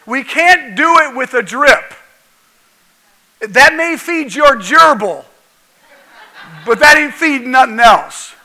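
A man's voice: extremely high pitch, lively intonation, slow, long pauses, very noisy. A male pastor preaching a folksy, jokey sermon that keeps asking the congregation questions.

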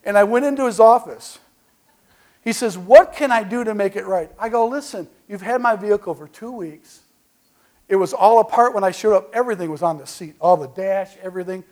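High-pitched pastor guy preaching, animated storytelling, quiet asides then loud bursts. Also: a little fast. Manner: animated preaching with call-and-response; folksy storytelling, swings from quiet asides to shouts. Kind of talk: sermon.

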